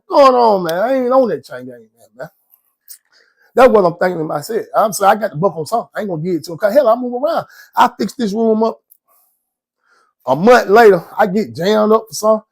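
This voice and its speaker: A man's voice: high voice, husky. A man, casually telling his own story in a slangy, rambling way and often checking in with the listener. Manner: slangy, rambling, keeps asking "you know what I'm saying".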